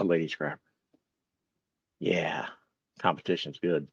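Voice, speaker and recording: A man's voice: low-pitched, big pitch swings, takes it slowly, vocal fry, pauses often, a little mellow, slightly rough, no room sound, lo-fi sound. A man hosting a casual live stream, musing aloud, reading chat replies and poking fun at his own confusion. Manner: bemused, self-mocking. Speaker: livestream host.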